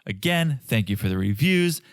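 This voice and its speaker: A man's voice: medium pitch, sing-song, moderate pace, no room sound, studio quality. A man co-hosting a podcast, chatting casually and playfully and laughing easily. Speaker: podcast co-host. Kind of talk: casual chat.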